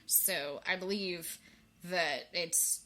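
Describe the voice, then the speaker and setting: A woman co-hosts a casual podcast chat, laughing, chatting, and saying "like" often. Her voice is lowish and bright with a forceful tone, and she speaks very slowly.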